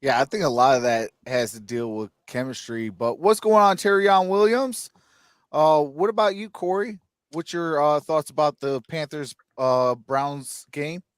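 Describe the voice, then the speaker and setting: A man's voice: fairly high pitch, steady tone, a little slow, clear, resonant tone, no room sound. A man hosting a casual sports chat with a slightly raised voice, talking in a loose, rambling way full of "uh" and "you know." His voice sounds dry and close to the mic. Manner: rambling, many fillers, laughs at own jokes. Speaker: host.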